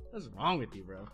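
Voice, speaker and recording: On his stream, a man in his thirties vents heatedly in casual talk with a bright, pushed voice on the high side. His speech is fast and rambling, packed with swearing and restarted sentences.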